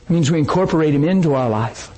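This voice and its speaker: Man preaching an animated sermon. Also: fairly high pitch, fast talker, a little hiss or hum, low-quality recording. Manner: animated storytelling, acts out quoted voices. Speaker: pastor.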